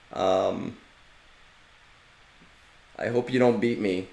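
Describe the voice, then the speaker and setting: A man's voice: medium pitch, steady tone, slow pace, pauses often, echoey room. A man streaming a game and chatting casually with viewers, loose in manner and swearing freely. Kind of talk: casual live-stream chat.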